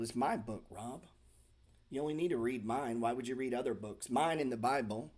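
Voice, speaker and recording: Hosting a casual stock market livestream, a middle-aged man talks bluntly and sarcastically, swearing and indulging in mock self-pity. His voice is mid-range with a darkish tone and a moderate pace.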